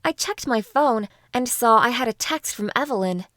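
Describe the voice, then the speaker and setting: A woman narrating a first-person audiobook in a calm, even storytelling manner. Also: on the high side, normal speed, no echo, clean studio sound.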